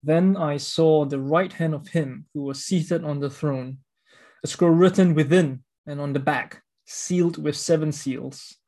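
A man's voice: on the high side, steady tone, a little slow, darkish tone. A man preaching a sermon, reading scripture and explaining it in an earnest, emphatic way with repeated words.

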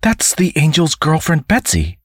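Man putting on a shocked teen girl, squeaky high, husky underneath. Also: wildly swooping pitch, a little slow, no echo, studio quality, heavily acted. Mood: alarmed. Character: teenage girl, startled and earnest.

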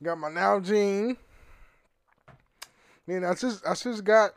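A man's voice: a little high, unhurried, pauses often, dry recording, clean studio sound. A man hosting his own podcast, chatting casually and rambling, swearing and laughing at himself. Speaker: podcast host. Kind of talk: casual solo podcast chat.

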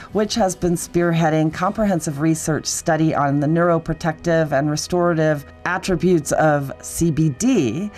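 A woman hosting a talk show, reading a polished introduction and then asking her guest questions. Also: sits low. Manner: polished, read-aloud delivery. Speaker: podcast host. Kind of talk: scripted introduction and interview questions.

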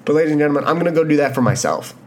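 A man's voice: a little high, lively intonation, racing. Young male podcast host, early 20s, Canadian-raised, fired-up motivational talker who repeats himself for emphasis and swears casually. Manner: impassioned, repetitive, swears casually. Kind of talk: motivational monologue.

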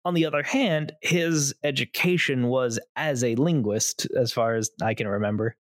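A man's voice: medium pitch, normal speed, dry recording, studio quality. A young man hosting a casual tabletop-gaming podcast, rambling with lots of fillers. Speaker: podcast host, game master. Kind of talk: casual chat.

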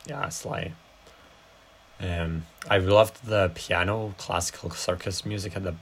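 Young woman with a very deep voice, co-hosting a podcast. Laid-back and sweary, with lots of short agreements. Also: steady tone, unhurried, husky. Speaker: podcast co-host. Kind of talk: casual film-review chat.

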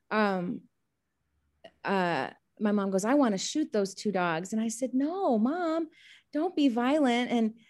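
Animated woman retelling a story. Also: a little high. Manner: animated, acts out quoted dialogue. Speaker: study group member. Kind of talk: casual storytelling on a video call. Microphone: video call.

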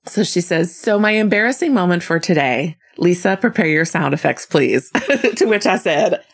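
A woman with a somewhat low voice reads a listener's letter on her podcast. She delivers it with animation and keeps breaking into laughter as she goes. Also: lively intonation, normal speed, husky. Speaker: podcast co-host. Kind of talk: reading a listener letter aloud.

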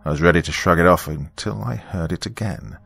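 Man, storyteller, first-person narration, very low pitch, gravelly, calm, measured. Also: dry recording.

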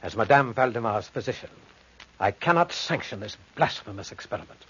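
An actor playing a stern, pious and disapproving family doctor who lectures in a moralizing tone in a 1940s radio play, on a dull old broadcast recording. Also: male voice, lowish voice, expressive, fairly quick, fairly bright tone, husky, heavily acted.

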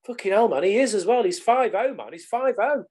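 A man's voice: high-pitched, animated, fairly quick, darkish tone, slightly rough, pitched above the performer's own voice. Man doing a suspicious, swearing young dealer in a retold story. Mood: accusing. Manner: accusatory, swearing. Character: suspicious young male street dealer, aggressive.

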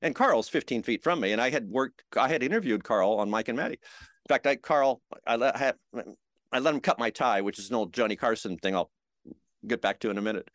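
A man's voice: medium pitch, fairly quick, no room sound. Middle-aged male guest, chatty storyteller who plays out dialogue; dead-dry recording. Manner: animated anecdotes with acted-out quotes. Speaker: guest, TV host. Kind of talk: storytelling interview.

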